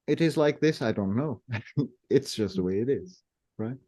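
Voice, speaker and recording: A man with a Portuguese accent, a native speaker of Portuguese, explains pronunciation in English. His voice is warm and mellow at an average pitch. He talks patiently and slows down to sound words out. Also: animated. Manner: patient, demonstrates sounds slowly. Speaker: language guest explaining pronunciation. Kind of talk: explanatory conversation.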